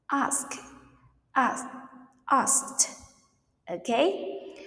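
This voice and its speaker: Very slow woman teacher, echoey room. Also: mid-range voice, darkish tone. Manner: slow, drilled repetition of word pairs with tag questions; non-native English grammar. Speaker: English pronunciation teacher. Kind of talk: pronunciation lesson. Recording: echoey room with long reverb.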